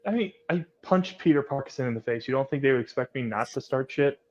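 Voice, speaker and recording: A man's voice: medium pitch, animated, fast talker, a little mellow, muffled recording. A man playing a tabletop role-playing game, talking casually, swearing freely and laughing often. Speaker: player.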